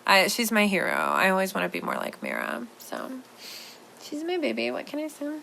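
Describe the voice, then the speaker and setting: A woman's voice: mid-range voice, wildly swooping pitch, moderate pace, creaky, sharp tone, slight background noise. A woman hosting a podcast in casual chat, rambling playfully with lots of "like" fillers. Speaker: podcast host.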